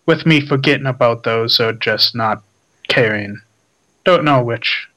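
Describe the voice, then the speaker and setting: Slow-talking man in casual gaming chat. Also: medium pitch, rough recording. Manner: relaxed, trailing off with filler words. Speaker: podcast co-host.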